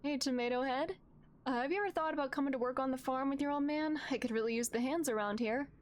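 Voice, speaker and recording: A woman voicing a tender middle-aged farmer father as she reads game dialogue aloud, speaking softly and a touch lower than her own voice. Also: fast, close to an everyday voice. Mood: tired, teasing.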